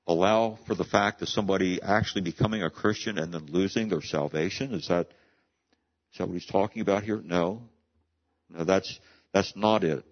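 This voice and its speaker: Low-voiced man preaching a sermon. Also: highs cut off. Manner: earnest preaching, reads scripture aloud with rising emphasis. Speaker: pastor.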